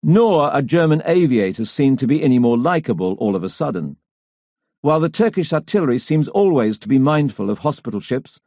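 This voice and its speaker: A man narrates a history audiobook in a measured, dramatic reading. His voice sits at a middle pitch. The sound is dry and close to the mic. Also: dark tone, no room sound. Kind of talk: scripted narration.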